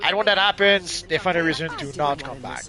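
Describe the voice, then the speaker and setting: Canadian guy on stream, deadpan teasing, slightly high voice, game noise behind. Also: a little fast, crowd noise. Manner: dry, teasing, trails off quietly. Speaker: co-host gamer. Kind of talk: live gameplay stream chat.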